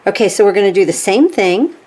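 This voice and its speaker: A woman's voice: medium pitch, expressive, fast, darkish tone. A woman demonstrating a stitching craft step by step, chatty, checking in with "okay?" as she works. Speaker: craft tutorial host.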